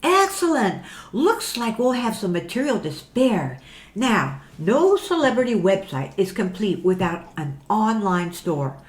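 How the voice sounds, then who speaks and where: Woman as a bouncy, unhurried marketing woman in an echoey room. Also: mid-range voice. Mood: upbeat. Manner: upbeat, lively, salesy. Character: brisk businesslike woman promoter. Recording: roomy echo.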